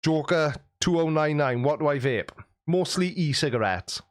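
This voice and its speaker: A man's voice: on the high side, lively intonation, moderate pace, no room sound, studio quality. Cheeky man chatting on stream. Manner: jokey, cheeky, laughs often. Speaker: live stream host. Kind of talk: casual chat reading out viewer comments.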